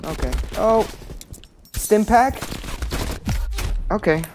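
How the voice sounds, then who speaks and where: A woman giving loud, profane, excitable commentary while playing a shooter game with a friend. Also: medium pitch, extremely slow. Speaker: gamer streaming with a friend. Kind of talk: casual gameplay commentary. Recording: game gunfire noise under the voice.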